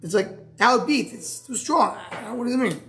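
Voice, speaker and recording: A man's voice: very high-pitched, lively intonation, quick pace, a bit bright, faint music behind. Style man teaching a Talmud class. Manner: thinks aloud with many restarts, fields student questions.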